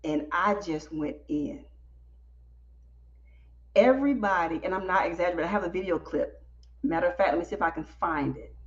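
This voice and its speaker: A woman podcast host telling a story on a live stream, animated and talking straight to her audience. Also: fairly low pitch, moderate pace, long pauses, dull audio. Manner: animated, talks directly to the audience.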